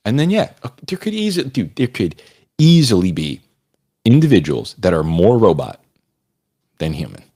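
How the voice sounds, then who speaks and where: A man's voice: fairly low pitch, wildly swooping pitch, normal speed, long pauses, mellow. A man co-hosting a live podcast in casual chat, riffing at length and calling people "dude" and "bro". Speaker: podcast co-host.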